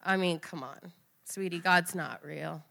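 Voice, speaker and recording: A woman voicing a condescending male biker at a party who calls her honey and sweetie, her pitch dropping a little lower. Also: unhurried, vocal fry, bright, forceful tone, heavily acted. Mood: mocking. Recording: long hall reverb.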